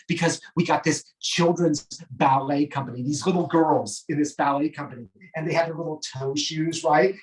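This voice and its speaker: A man performing a solo storytelling monologue on a stage, animated and gushing, with sudden swoops high in pitch. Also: recorded from a distance, rough recording. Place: theatre stage.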